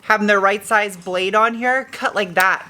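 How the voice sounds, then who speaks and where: A woman's voice: medium pitch, moderate pace, background noise. A young adult woman casually narrating her truck restoration in a garage, joking and talking to herself as she works. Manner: chatty, joking, talks to herself while working. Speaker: car restoration vlogger.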